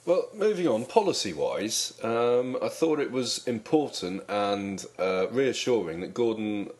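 A man co-hosting a deadpan comedy chat, playing a dry, hesitant straight man. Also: on the low side, unhurried. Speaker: comedy podcast co-host.

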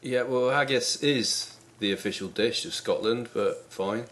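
A man's voice: mid-range voice, measured pace, fairly bright tone. A man as a contestant in a comic podcast bit, dry and exasperated in his questions.

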